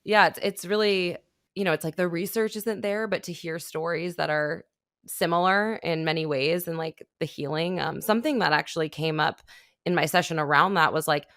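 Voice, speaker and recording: A woman with a slightly low voice hosts a podcast, speaking casually and animatedly. The recording is dry and close, with no room sound. She is a young adult. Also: moderate pace, no room sound. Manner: animated storytelling, with laughs and acted-out quotes. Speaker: podcast host. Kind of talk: conversational interview.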